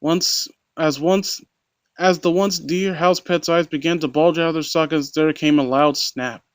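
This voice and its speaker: A man's voice: fairly high pitch, steady tone, unhurried, no room sound. A man reading a horror story aloud at a close home mic, stumbling and restarting, with sarcastic critical asides. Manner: stumbling, frequent restarts and mockery. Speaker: narrator and critic.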